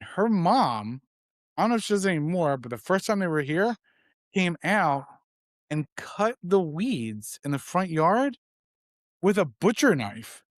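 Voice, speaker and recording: A man's voice: high voice, sing-song, a little slow, no echo, clean studio sound. A man in his twenties co-hosting a podcast, telling a long rambling anecdote and acting out the other man's lines in casual chat. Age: 20s. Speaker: podcast co-host.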